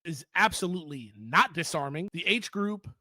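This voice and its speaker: High-voiced man in heated commentary. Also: lively intonation, moderate pace, sharp tone, no room sound. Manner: heated, emphatic, repeats points for stress. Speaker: political commentator. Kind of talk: opinionated commentary monologue.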